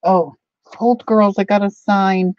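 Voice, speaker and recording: A woman's voice: medium pitch, fairly even intonation, slow pace, darkish tone. A middle-aged woman chats and rambles at home while crafting, calling out to viewers by name. Her voice is dry, with no room echo, and the recording sounds dull and lo-fi. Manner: chatty, rambling storyteller, talks to viewers by name. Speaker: craft channel host. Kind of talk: casual livestream chat while crafting.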